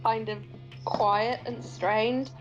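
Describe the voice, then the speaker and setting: Player, a woman with a higher voice, very slow and thoughtful, with faint music behind her. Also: steady tone, dull audio. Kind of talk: tabletop role-play as a player.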